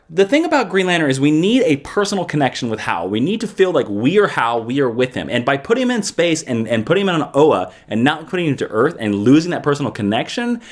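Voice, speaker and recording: Animated, jokey man reviewing comics. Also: mid-range voice. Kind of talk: casual review vlog.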